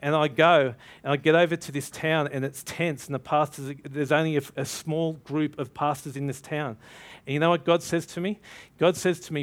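A man preaching a sermon, telling a story with animated energy and acting out both sides of the dialogue. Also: fairly high pitch, normal speed.

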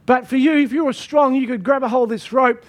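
A man with a strikingly high voice preaches a sermon from the pulpit. His delivery is emphatic, and he leans on repeated phrases to drive each point home. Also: fairly quick. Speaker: pastor.

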